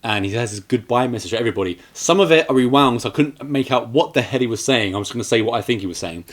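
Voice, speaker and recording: A man's voice: medium pitch, animated, racing. A man co-hosting a casual film review podcast, joking and retelling scenes. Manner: jokey, retells scenes in mock quoted voices. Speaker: podcast co-host.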